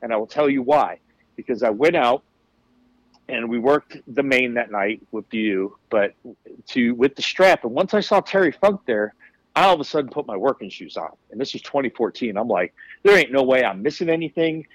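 At a normal speed and in a mid-range voice, a wrestler appearing on a podcast shares candid, profane stories in a casual, animated way. The audio is poor and echo-free.

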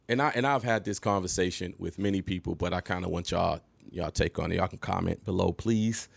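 A man in his thirties casually telling an animated story to camera, laughing and jumping high when he quotes himself. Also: vocal fry, no room sound. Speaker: vlogger.

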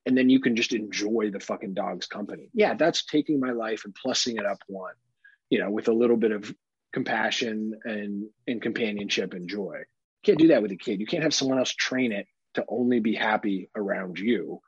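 Male podcast co-host, husky voice, candid and profane, dry dull recording. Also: fairly low pitch, brisk, no echo. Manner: candid, swears freely, animated impressions. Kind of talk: casual chat.

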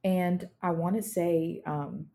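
Low, mellow-voiced young woman chatting. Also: steady tone, slow. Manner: chatty, acts out scenes and reads passages aloud. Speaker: podcast co-host. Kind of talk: casual book chat.

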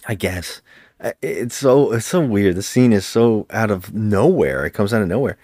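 A man's voice: on the low side, lively intonation, normal speed, darkish tone, no room sound, clean studio sound. A man co-hosting a podcast, retelling a movie's plot casually with rambling restarts. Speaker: podcast co-host. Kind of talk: casual movie recap chat.

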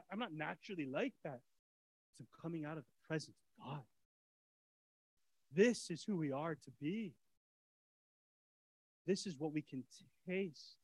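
A man preaching a sermon as pastor in a casual way, swinging from soft, quiet lines to excited shouting. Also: a little high, breathy edge, poor audio. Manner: casual preacher's talk with fillers and repeats.

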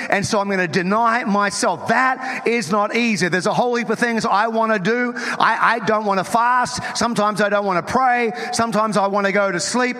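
Bright-voiced male pastor in a reverberant hall. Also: sits high. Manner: emphatic, teasing humor, stammered repeats. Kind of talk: sermon. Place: church auditorium. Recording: long reverb from a large hall.

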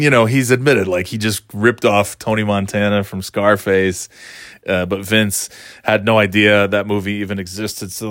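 A man's voice: lowish voice, a bit bright, no room sound, studio quality. A man in his forties chatting casually, telling rambling, enthusiastic stories and laughing often. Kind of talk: casual chat.

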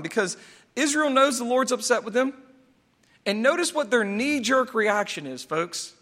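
A man preaching in a church, his voice unusually high and bright with a sharp edge. He is animated, jumping into raised, pleading voices when he quotes people. A long hall reverb trails every phrase. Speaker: pastor. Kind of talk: sermon.

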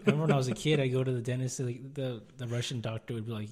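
A man with a mellow, dark-toned voice co-hosts a casual podcast. He mostly answers in short words and brief remarks while the other host talks. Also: mid-range voice, steady tone, very fast. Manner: brief back-channel replies. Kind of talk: casual chat.

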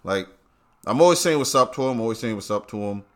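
Talking fast and animatedly in a slightly bright, mid-range voice, a New York-accented man from Brooklyn runs his own podcast. The casual monologue is blunt storytelling laced with free-flowing profanity.

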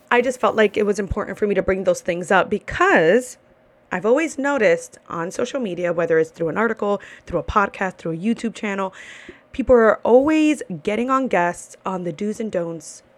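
A woman's voice: medium pitch, expressive, normal speed. A woman hosting a podcast in a casual ranting monologue, blunt, swearing freely and repeating herself for emphasis. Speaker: podcast host.

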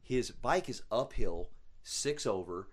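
A man's voice: medium pitch, takes it slowly, dry recording. A man telling a story in casual studio chat, swearing freely and acting out his own quotes. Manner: profane, animated storyteller who acts out his own quotes. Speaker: podcast guest.

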